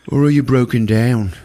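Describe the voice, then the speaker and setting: A man's voice: mid-range voice, dark tone, pitched above the performer's own voice, natural voice. A man voicing a cheeky teenage boy scout hitchhiking in the rain.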